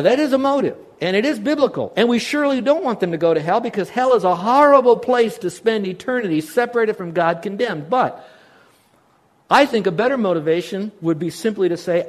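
Male pastor, slightly higher voice, conversational sermon with questions to the room. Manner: conversational preaching, asks the congregation questions.

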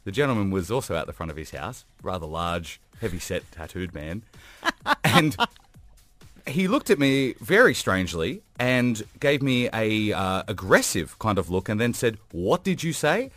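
A man co-hosting a radio show, telling a funny story in casual, animated chat with self-mocking humor and a noticeable accent. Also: on the low side, normal speed, soft background music. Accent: non-local accent.

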